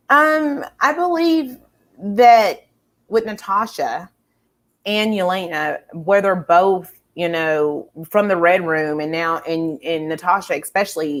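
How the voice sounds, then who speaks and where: A woman's voice: on the low side, a bit bright. Rambling, enthusiastic woman host. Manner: enthusiastic, rambling, many fillers and restarts. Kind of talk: casual pop culture chat.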